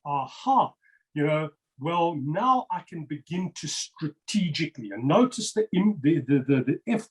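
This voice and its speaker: A man's voice: on the high side, lively intonation, normal speed, rough recording. A man on a video-call interview, explaining number patterns over slides in an emphatic, insistent way and repeating words for stress.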